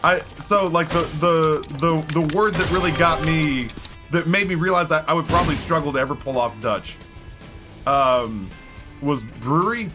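An American man chats casually with his stream viewers, rambling and often stopping to restart his sentences. His voice is a little high and his pace normal, with music playing in the background.

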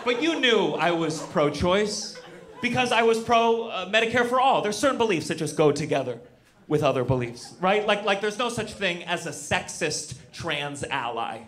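A male stand-up comedian performs a set on a comedy club stage before a live audience, speaking in a high pitch at a moderate pace. He is animated, shouting his punchlines and acting out quoted voices. The recording carries loud audience noise and laughter.

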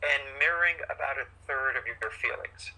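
A paediatrician guest in an interview, a man with a medium-pitched, slightly rough voice, talks at normal speed over poor audio. He gives parenting advice animatedly, acting out parents and children along the way.

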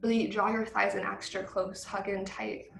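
A woman teaching a vinyasa yoga class over a video call from home, giving calm, encouraging cues with soft laughs. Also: mid-range voice, moderate pace, vocal fry, a little hiss or hum. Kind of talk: guided vinyasa class instruction. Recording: roomy video call audio, faint ambience.

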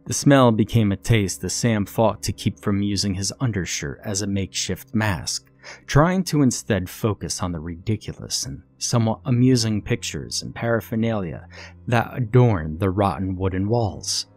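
A man reading a scripted horror story in a measured, ominous storytelling manner. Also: fairly low pitch, expressive, a little mellow. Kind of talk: scripted narration. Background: faint music.

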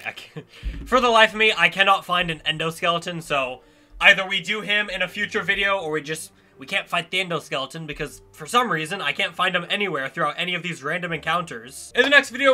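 Over live horror-game footage, a young male YouTuber jumps and exclaims, regularly talking right at the monsters. His voice sits high, bright and forceful.

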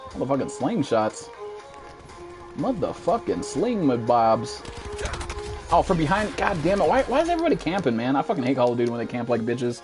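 A man in his twenties, a streamer giving profane, excitable commentary while playing a shooter, jumping into high-pitched outbursts. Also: normal speed, long pauses, over music. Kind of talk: live gameplay commentary.

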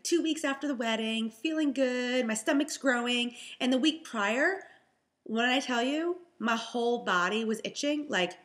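A woman's voice: fairly high pitch, a bit bright. A young pregnant woman telling a story in a chatty, exasperated vlog style. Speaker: vlogger, health and fitness coach.

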